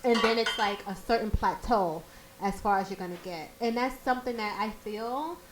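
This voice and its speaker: A woman's voice: a little high, normal speed, reverberant, slight background noise, poor audio. A middle-aged woman co-hosting a casual radio talk show, rambling and reflective with many fillers. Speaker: radio co-host.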